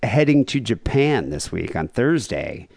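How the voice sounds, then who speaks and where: A man hosting a podcast, chatting casually and telling gossip in an animated way. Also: lowish voice, unhurried, creaky, no room sound, clean studio sound. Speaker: podcast host.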